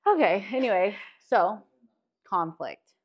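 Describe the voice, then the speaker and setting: A woman in her thirties in casual podcast chat, lively, quick to chime in and laugh. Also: medium pitch, dull audio. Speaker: podcast co-host, married to a host.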